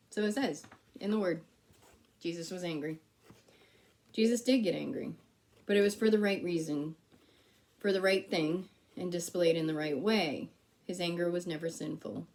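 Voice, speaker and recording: A woman's voice: lowish voice, a little mellow. A woman giving a sermon in a church, speaking conversationally and telling a personal story with quoted back-and-forth dialogue. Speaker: preacher.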